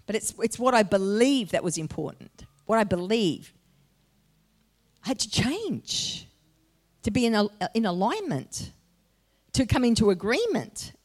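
A woman with a fairly high voice delivers a sermon. She tells her story in a conversational way, then builds to animated, emphatic preaching that rises in volume for key points.

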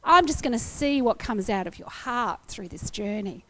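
A woman in her fifties preaching a sermon, telling a personal testimony with animated storytelling and acted-out reactions. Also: a little high, moderate pace.

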